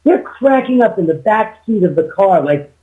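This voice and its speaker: Male guest on a phone line, high-pitched, rambling storyteller full of restarts. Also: expressive, moderate pace. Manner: rambling with many restarts and quoted dialogue. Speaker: guest, homeowner. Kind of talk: casual interview storytelling.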